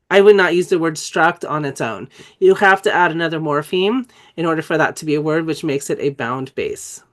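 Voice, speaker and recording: A dyslexia trainer with a cold presents a webinar, coughing and clearing her throat as she teaches in an enthusiastic, conversational way and spells out letters. Her voice is low and her pace normal.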